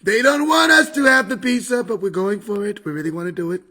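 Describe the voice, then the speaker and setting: A man's voice: high-pitched, fast, bright, forceful tone, voice pushed up, heavily acted. Man putting on a boastful rambling old politician. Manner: repetitive, exaggerated emphasis, breaks into laughter. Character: boastful older male politician, rambling and showy.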